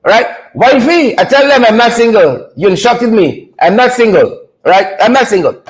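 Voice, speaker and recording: A man hosting a comedic commentary segment, teasing in a preacher-like way with drawn-out punchlines. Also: very high voice, expressive, poor audio. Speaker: show host.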